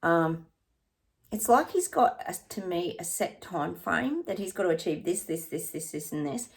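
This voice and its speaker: A woman's voice: on the low side, lively intonation, moderate pace, creaky. A woman psychic chatting through her predictions in a rambling, casual way, sometimes dropping to a near-whisper.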